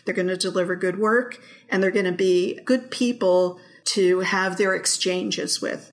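A woman's voice: on the low side, steady tone, unhurried. A woman illustrator being interviewed, speaking earnestly and firmly.

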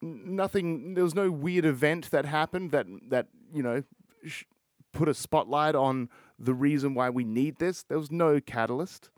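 A man's voice: a little high, normal speed, dry recording, studio quality. A man hosting a solo podcast, talking in a frustrated, rambling way and swearing a lot. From Australia. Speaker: podcast host. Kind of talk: casual solo podcast rant.

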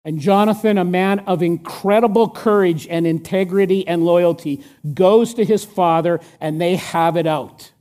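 A man preaching a sermon, emphatic and asking the listeners rhetorical questions, sometimes dropping to a hush for stress. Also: high-pitched, fairly even intonation, moderate pace, hardly any pauses.

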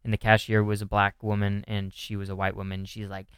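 A man's voice: on the low side, monotone, brisk, a bit bright, clean tone, dry recording, studio quality. A young man co-hosting a casual chat, rambling with lots of fillers and restarts. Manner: rambling, filler-heavy, trails off mid-sentence. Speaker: podcast co-host.

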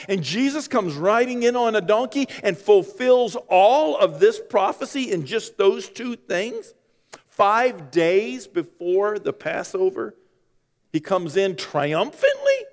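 Heard with a long reverb tail, a man whose voice sits high delivers a sermon. The pastor speaks conversationally and jokes with the congregation along the way.

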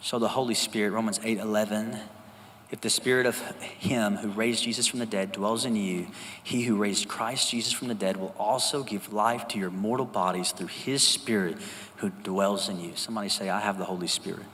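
A pastor delivers a sermon in a church sanctuary, his voice bright and forceful yet on the low side, steady in tone and at normal speed. He stays conversational while calling for responses from the congregation. The hall's long reverb carries his words over a faint hum of ambience.

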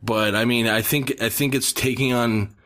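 A man's voice: medium pitch, fairly even intonation, normal speed, a bit bright. A man co-hosting a podcast, chatting casually and rambling through his opinions. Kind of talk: casual chat.

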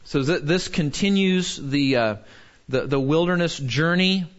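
A man preaching a sermon in an animated way, asking the listeners questions and acting out quotes. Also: fairly high pitch, a little slow. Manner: animated, full of rhetorical questions, acts out quotes. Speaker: pastor. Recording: dull lo-fi sound.

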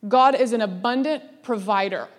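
Woman preaching, kinda high voice, laughs a lot, big echoey hall. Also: normal speed. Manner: lively, laughing, acts out quoted voices. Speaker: speaker. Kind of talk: sermon. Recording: long hall reverb.

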